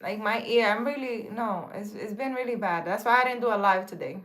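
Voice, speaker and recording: This woman, a spiritual healer, speaks fairly quickly in a mid-range, fairly bright voice. She reads her viewers' comments aloud and answers them, chatting in a loose, rambling style packed with fillers and false starts.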